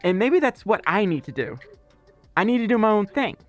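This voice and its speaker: Chatty, higher-voiced male streamer. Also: sing-song, fairly quick, faint music behind. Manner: rambling and chatty, with filler words. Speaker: livestream host. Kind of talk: casual livestream chat, reading out viewer messages.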